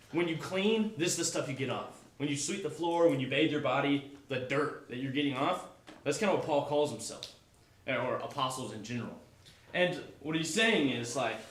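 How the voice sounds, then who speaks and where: A man's voice: mid-range voice, a bit bright. Male Bible teacher, chatty and loose, heard from a distance in a roomy classroom. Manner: casual, chatty, self-correcting.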